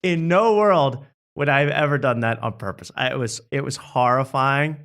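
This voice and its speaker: A young man hosting a casual talk show spins a self-deprecating anecdote, his voice jumping around as he acts out the people in the story. His pitch sits in the middle range, and his delivery is loose and comic. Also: normal speed. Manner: animated, self-mocking, acts out quotes. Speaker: host.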